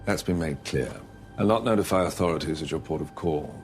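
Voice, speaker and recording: A stern ship's captain. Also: male voice, rumbling low, soft background music. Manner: formal, measured, authoritative. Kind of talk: TV drama acting.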